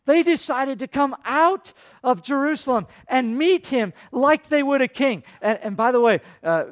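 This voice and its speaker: A male pastor preaching a sermon in a conversational storytelling way, asking the congregation rhetorical questions and swinging between loud excited preaching and soft, quiet asides. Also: very high voice.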